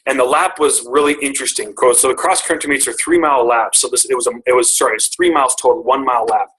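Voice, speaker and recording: A man's voice: medium pitch, quick pace, a bit bright, poor audio. A middle-aged man telling a personal story to his team on a call, earnest and emotional, often restarting his sentences.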